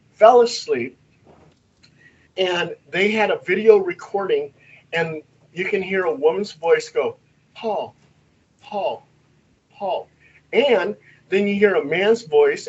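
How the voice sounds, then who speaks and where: A male paranormal investigator telling stories in casual chat, animated and acting out the voices in them. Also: high voice, breathy edge, highs cut off. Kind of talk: casual storytelling.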